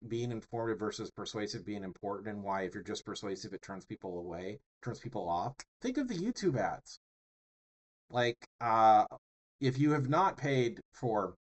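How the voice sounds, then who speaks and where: Chatty man giving a casual lecture. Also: mid-range voice. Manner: chatty, jokey, rambling asides. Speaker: public speaking instructor.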